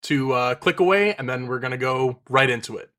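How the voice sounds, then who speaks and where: A man co-hosting a casual movie review podcast, relaxed and full of fillers. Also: mid-range voice, a little fast, over loud music. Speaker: podcast co-host.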